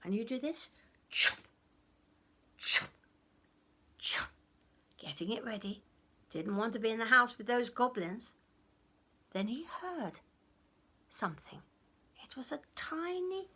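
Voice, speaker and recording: Animated woman storyteller for children. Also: a little high, husky. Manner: animated, audience-prompting, drops to whispers.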